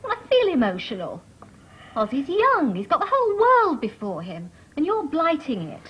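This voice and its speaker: An actress playing a teasing, reproachful middle-aged wife with a dry wit in a 1990s studio sitcom. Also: female voice, high voice, wildly swooping pitch, moderate pace. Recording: dull broadcast sound, loud audience laughter.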